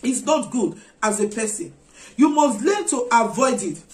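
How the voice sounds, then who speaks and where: Woman preaching, high voice, earnest and repeats herself, echoey room. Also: lively intonation, unhurried. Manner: earnest, repetitive exhortation. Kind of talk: sermon.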